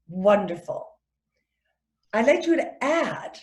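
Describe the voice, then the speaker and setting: A middle-aged woman teaches manners to kids and their parents. Her pitch swings up and down a lot, and she often acts out other people's voices. The sound has a noticeable room echo. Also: measured pace. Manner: animated, acts out quoted voices. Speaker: etiquette instructor. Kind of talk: friendly teaching talk to children and parents.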